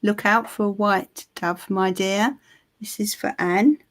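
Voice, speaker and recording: A woman giving a live psychic reading, soothing and reassuring, with frequent pauses and restarts. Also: mid-range voice, fairly even intonation. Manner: soothing, reassuring, calls the listener "my love"; halting, with many ums and restarts. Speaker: tarot reader.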